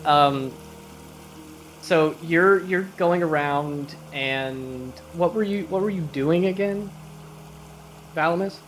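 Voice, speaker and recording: A man's voice: a little high, slow, long pauses, a bit bright, slight background noise. A man running a tabletop game, narrating loosely with many fillers. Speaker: game master.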